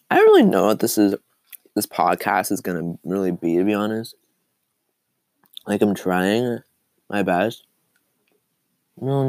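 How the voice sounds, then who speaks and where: A man's voice: fairly low pitch, no echo. Coughing young man rambling on a podcast. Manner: rambling, self-deprecating, talks to his cat. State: coughing, phlegmy throat. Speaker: podcast host. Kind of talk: casual solo podcast chat.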